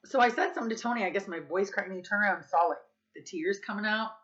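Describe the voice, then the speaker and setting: A woman's voice: mid-range voice, very fast, fairly bright tone, highs cut off. A woman vlogging in a candid, casual confessional chat, swearing freely and saying "like" and "dude" a lot. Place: Las Vegas.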